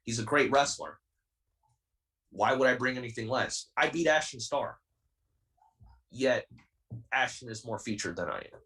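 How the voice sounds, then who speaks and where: Heated young wrestler guy ranting on a podcast, defiant, keeps repeating himself, normal pitch, kinda far from the mic. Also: unhurried, pauses often, bright, forceful tone. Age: 20s. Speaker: wrestler guest.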